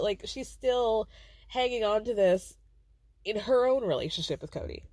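A woman's voice: fairly high pitch, dry recording. A woman hosting a podcast, recapping a reality show in casual, blunt, profane chat and acting out the people she quotes. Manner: blunt, profane, animated storytelling with quoted voices. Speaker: podcast host.

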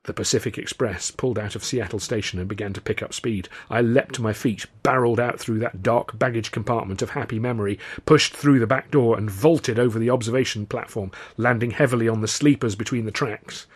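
A man narrating his own novel in the first person, with wry, animated reading. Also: medium pitch, fairly quick, few pauses, husky. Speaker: author and reader.

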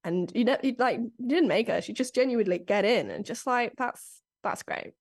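A young adult woman, a comedian guest on a podcast, chatting casually, laughing often and breaking into a high cooing voice. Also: a little fast, breathy edge. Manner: animated, giggly, slips into high cooing cat voice.

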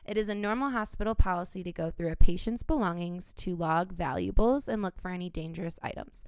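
A woman's voice: lowish voice, a little fast, smooth, no room sound. A woman hosting a casual podcast, reading a listener's story aloud and laughing often.

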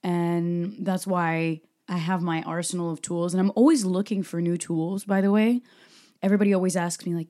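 A woman's voice: on the low side, fairly even intonation, moderate pace, mellow. A woman from Brazil hosting a solo Q&A podcast, talking passionately and emphatically. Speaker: podcast host.

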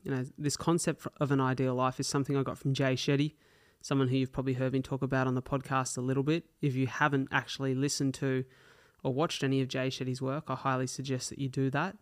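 A man's voice: mid-range voice, flat delivery, fast talker. An Australian man hosting a solo podcast, telling stories in a chatty, slangy way and swearing casually. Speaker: podcast host.

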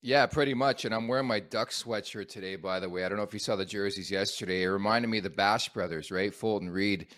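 A man's voice: on the low side, quick pace, hardly any pauses, fairly bright tone, dry recording, clean studio sound. Upbeat male sports podcast host. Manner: upbeat, joking, leads the segments. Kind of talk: casual sports chat.

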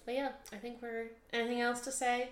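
A woman's voice: a little high, little pitch movement, fairly quick, roomy sound. A woman co-hosting a movie podcast in casual, rambling chat, swearing freely. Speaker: podcast co-host.

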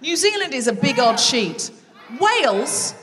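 A woman hosting a live comedy podcast, chatting and teasing the audience from a theatre stage with quick asides. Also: sits high, big pitch swings, a bit bright, some chatter behind. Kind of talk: live stand-up crowd work. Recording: live theatre recording with long reverb.

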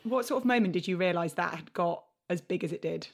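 A woman's voice: lowish voice, fast talker. A woman co-hosting an interview podcast, asking curious questions. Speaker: podcast co-host. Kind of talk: casual interview chat.

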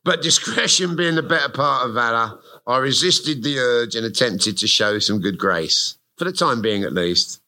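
A man's voice: medium pitch, moderate pace, few pauses, sharp tone. A man, reading his memoir aloud to a live audience on stage, with a wry, self-mocking comic delivery. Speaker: guest author. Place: live music venue stage.

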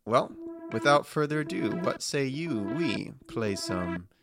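A man's voice: medium pitch, expressive, a little slow, loud music behind the voice. A man running a casual tabletop game as game master, joking, laughing often, and hesitating with fillers.

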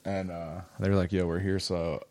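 A man's voice: sits low, little pitch movement, normal speed, a little mellow, no room sound. A young man on a casual podcast, telling rambling, profane stories with bursts of laughter. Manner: loose, profane storytelling with laughs. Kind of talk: casual chat.

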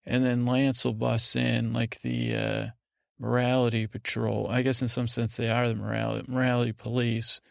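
A man hosting a sleep podcast, recapping a TV episode in a meandering, hesitant way, often breaking into quick impressions of the characters. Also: mid-range voice, level tone, creaky, dry recording, studio quality. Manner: meandering, hesitant, acts out scenes in quick voices. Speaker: podcast host.

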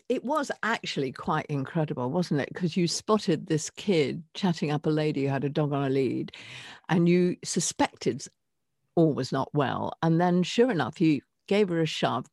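An older woman co-hosting a casual podcast chat, reflective and expressive as she introduces guests. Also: lowish voice, no echo, studio quality. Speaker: co-host.

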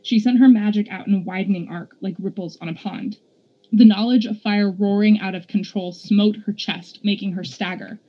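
A woman podcast host reading a storybook aloud with steady, measured narration. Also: mid-range voice, dull audio.

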